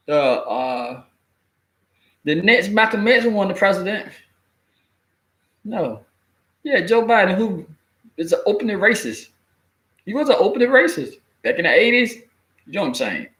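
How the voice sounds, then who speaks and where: A man giving a blunt, animated opinion rant in casual, colloquial speech, cursing freely and laughing at his own jokes. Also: high voice. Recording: echoey room.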